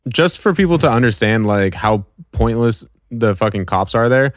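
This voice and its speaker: A man's voice: fairly low pitch, animated, normal speed, dry recording, clean studio sound. A young man in casual podcast chat, laid-back and profane, drawing out his reactions.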